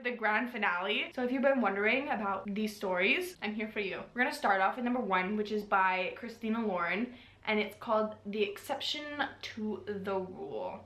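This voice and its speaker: A young woman talks straight to camera in a relaxed vlog, chatty and gushing with quick asides. Her voice sits a little high for a woman. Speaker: book vlogger. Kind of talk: casual vlog chat.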